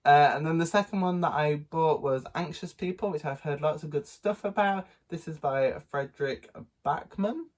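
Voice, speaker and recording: A man's voice: on the high side, moderate pace, hardly any pauses. A man with a nasal, stuffy voice from a cold, chatting casually about books he bought, rambling with lots of ums and little laughs. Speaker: book vlogger. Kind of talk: casual book haul vlog.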